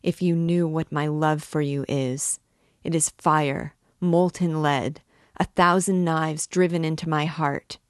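A woman's voice: low voice, steady tone, takes it slowly, no room sound, studio quality. A woman voicing an obsessed male priest who pleads urgently and emotionally. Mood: pleading.

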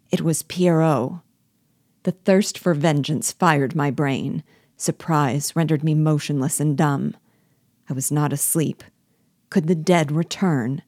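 A woman giving a measured, expressive reading of a classic novel as host of a reading series. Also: deep voice, no room sound, clean studio sound. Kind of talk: audiobook reading.

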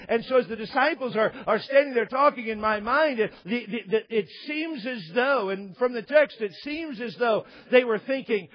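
A man preaching a sermon in a loud, emphatic, passionate way, often repeating words as he goes. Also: very high-pitched, normal speed, few pauses, muffled recording.

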